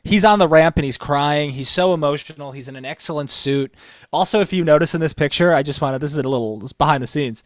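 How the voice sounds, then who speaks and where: A man's voice: a little high, fast, no echo. A man co-hosting a casual wrestling chat, telling stories with enthusiasm as he counts down a list. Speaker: wrestling podcast co-host.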